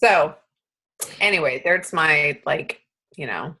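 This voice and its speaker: A woman in her late thirties tells a story on herself as a guest speaker. She is animated and self-deprecating, and she laughs at her own missteps. Her talk is casual. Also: low-pitched, slow, slightly rough, low-quality recording.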